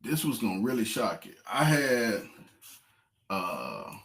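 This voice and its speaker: A man, casually telling viewers a fishing story, repeating phrases and getting excited. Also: fairly low pitch, takes it slowly, vocal fry. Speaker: fishing vlogger.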